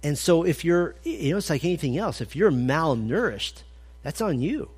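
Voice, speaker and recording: Lively, joking man preaching to men. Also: fairly high pitch, normal speed, breathy edge. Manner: energetic and humorous, acts out little scenes; asks the listeners direct questions. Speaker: men's ministry speaker. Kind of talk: conversational sermon at a men's breakfast.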